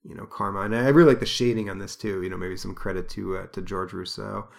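A man's voice: lowish voice, steady tone, quick pace, vocal fry. A man hosting a podcast, rambling through a casual comic book review with many fillers. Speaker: podcast host.

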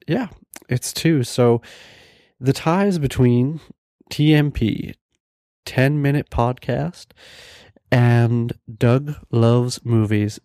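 A man's voice: medium pitch, mellow, no room sound, studio quality. A young man hosting his own podcast, chatting casually and enthusiastically, rambling with fillers and restarts. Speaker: podcast host. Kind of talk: casual solo podcast talk.

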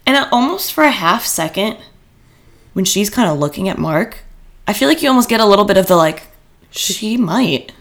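A woman co-hosting a casual podcast, recapping a TV episode in relaxed chat with quick asides. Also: medium pitch. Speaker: podcast co-host.

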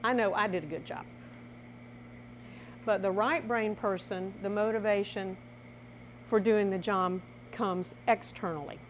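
A woman presenting a workshop in a lively teaching style, acting out little scenes as she explains. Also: mid-range voice, unhurried, long pauses, slight background noise. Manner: animated, laughing, acts out little scenes.

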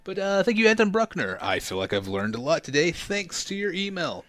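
Wry, bright-toned podcast co-host man. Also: high-pitched, sing-song, brisk, no room sound. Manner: wry, teasing, stammers with repeats. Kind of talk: casual podcast chat.

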